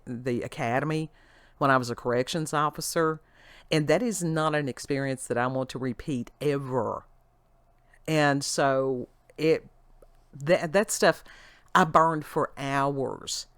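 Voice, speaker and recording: A woman's voice: low voice, dry recording. Earnest folksy Appalachian woman host, dry sound. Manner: earnest, folksy, talks straight to viewers. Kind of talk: casual vlog monologue.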